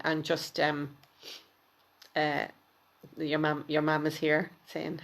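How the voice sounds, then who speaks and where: A woman giving a live intuitive card reading, speaking to viewers by name, gently repeating words and trailing off into near-whispers. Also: low voice, monotone, takes it slowly, creaky, pauses often. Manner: chatty, addresses viewers by name.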